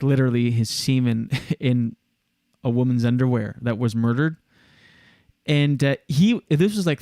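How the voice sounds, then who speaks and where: A man's voice: medium pitch, a little mellow, smooth, no echo. A man hosting a casual podcast chat, telling a long story with lots of fillers. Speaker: show host.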